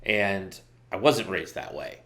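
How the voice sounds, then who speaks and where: Low, bright-voiced male host. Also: expressive, takes it slowly. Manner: affirming, conversational, many restarts. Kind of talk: interview chat.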